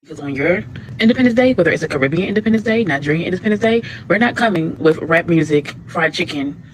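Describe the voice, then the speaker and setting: A man's voice: on the high side, animated, fast, slight background noise, poor audio. A man giving an emphatic, lecturing message in a social media clip.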